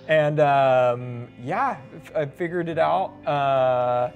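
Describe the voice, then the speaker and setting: A man's voice: a little high, creaky, phone-quality sound, faint music behind. A man playing a shy teenage boy adventurer who halts, stammers and laughs sheepishly. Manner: halting, sheepish, laughs often.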